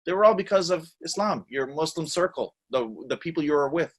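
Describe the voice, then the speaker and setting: A man's voice: on the high side, animated, a little fast, slightly rough. A man speaking as an interview guest in a casual, scornful, mocking way.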